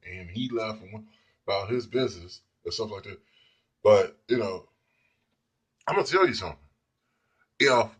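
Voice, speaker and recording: Husky guy rambling thru a story, casual, keeps saying you know what i'm saying. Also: lowish voice, a bit bright. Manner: loose and rambling, acts out the people he quotes. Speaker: speaker telling personal stories.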